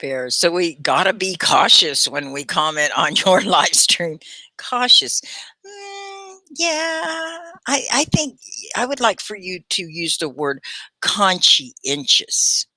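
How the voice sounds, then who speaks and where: Chatty esl teacher lady on a livestream, bright voice, dry close sound, slows down on key words. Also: fairly low pitch, no room sound. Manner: animated, chatty, laughs often, slows to stress words. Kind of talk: live online English lesson.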